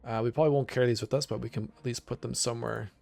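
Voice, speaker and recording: With soft music behind him, a man streams a video game and talks very fast in a gravelly, medium-pitched voice. His commentary is relaxed and chatty, aimed at chat as he picks options.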